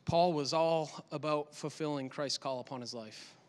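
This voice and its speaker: A male pastor giving an animated, conversational sermon in a church, with lots of repetition for emphasis. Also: a little high, moderate pace, smooth. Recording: long hall reverb.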